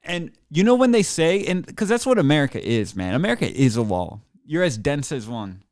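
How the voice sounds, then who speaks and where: A podcast host rants alone at his listeners, sarcastic and profane, into a desk mic set before a computer in a small studio. His fairly high voice is very animated, brisk and a little mellow, with no echo.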